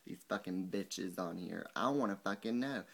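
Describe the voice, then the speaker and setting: Young man, low-pitched, profane angry rant, mocking quotes, vlog. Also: moderate pace, gravelly. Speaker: vlogger.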